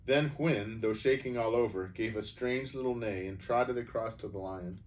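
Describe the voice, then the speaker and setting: A man reading a children's storybook aloud in a gentle, unhurried way. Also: on the low side, far from the mic, slight background noise.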